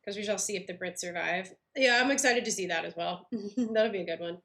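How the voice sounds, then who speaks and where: A woman's voice: mid-range voice, a little fast, a bit bright. A woman chatting casually on a game livestream, talking with lots of fillers and little laughs while she eats and plays. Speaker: game streamer.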